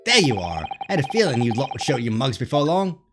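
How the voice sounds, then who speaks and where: A brusque middle-aged police inspector with a teasing edge, as a male streamer reads him out. His lines rise and fall with lively movement. Game music sits clearly behind him. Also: mid-range voice, fast talker, lightly acted.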